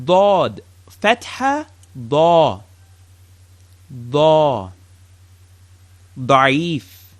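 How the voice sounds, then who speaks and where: A man's voice: a little high, dry recording. A man teaching a language lesson, patiently drilling each sound and asking the listener to repeat after him. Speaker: Arabic teacher.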